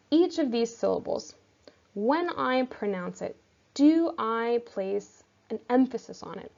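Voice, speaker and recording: A woman teacher giving a recorded lecture, explaining step by step in a clear, methodical way. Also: mid-range voice, darkish tone. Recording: slightly dull lo-fi audio.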